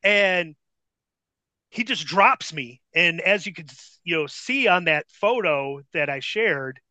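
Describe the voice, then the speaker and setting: A man, a former wrestler, casually telling a profane, animated story as a podcast guest. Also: fairly high pitch, takes it slowly, no echo.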